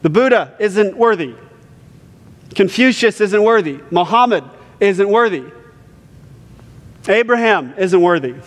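A man's voice: high voice, expressive, a little slow, pauses often. A man from Ohio, preaching a sermon in a conversational way and often checking in with "right?". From Ohio, US Midwest. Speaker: pastor. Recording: long hall reverb.

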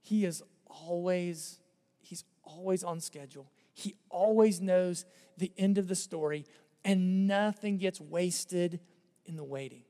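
A man preaching a sermon in a conversational way, repeating phrases and letting his voice drop softly at the ends of lines. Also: sits high, a little slow, in a large hall. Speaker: pastor.

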